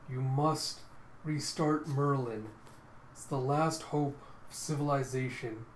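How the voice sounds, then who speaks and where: A man voicing a frail, dying old man who speaks in a soft, feeble way, read aloud from a comic. The voice sits in a slightly echoey room. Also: medium pitch, steady tone, slow, a little hiss or hum, lightly acted. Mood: tender, weak.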